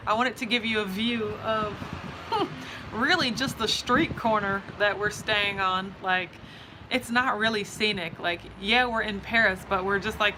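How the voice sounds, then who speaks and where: A young woman vlogger chatting casually on a live stream, greeting viewers by name and giggling often, speaking from an outdoor patio. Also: on the high side. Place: outdoor patio in a city neighborhood. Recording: noisy outdoor phone recording.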